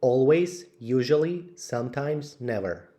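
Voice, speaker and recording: A man slowly reading out English vocabulary lists for learners, word by word with clear pauses. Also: mid-range voice, animated, mellow. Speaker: English teacher. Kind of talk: slow vocabulary drill.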